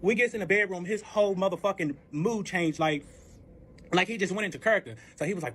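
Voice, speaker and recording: A young man telling a personal story in a casual vlog, animated and profane, acting out both sides of the conversation. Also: high voice, fairly quick, a little hiss or hum.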